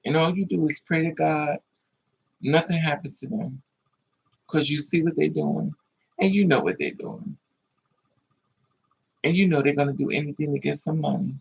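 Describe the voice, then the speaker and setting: A man's voice: a little high, animated, moderate pace, vocal fry, pauses often, husky, rough recording. A man hosting a livestream tells a personal story to his viewers, casual, blunt and profane, with a lot of feeling in it. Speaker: livestream host.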